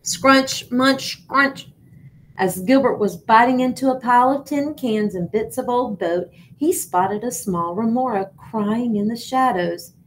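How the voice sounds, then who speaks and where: A woman teacher reading a picture book aloud, expressive but now and then stumbling and repeating words. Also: on the high side, moderate pace, hardly any pauses, a little hiss or hum, poor audio.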